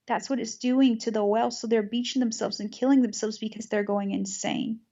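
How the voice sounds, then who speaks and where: A woman's voice: on the high side, fairly even intonation, fairly quick, dark tone, lo-fi sound. A woman hosting an interview, talking earnestly in long flowing runs in a casual spiritual conversation. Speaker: podcast host.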